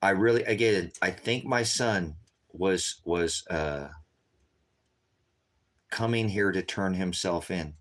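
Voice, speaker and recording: A weary man with a fairly low voice speaks to his viewers over a livestream. He talks urgently and keeps repeating himself, calling out "guys" again and again, and sounds worn out from a sleepless night. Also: slow pace, long pauses, fairly bright tone. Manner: urgent and repetitive, constantly addressing viewers as guys. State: tired, staying up all night. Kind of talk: unscripted livestream talk to viewers.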